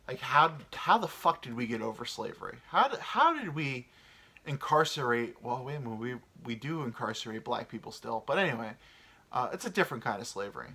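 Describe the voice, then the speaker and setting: A man's voice: medium pitch, sharp tone, slightly rough. A man in his thirties hosting a solo podcast, rambling and crude, with lots of fillers. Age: 30s. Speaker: podcast host. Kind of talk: casual solo podcast monologue.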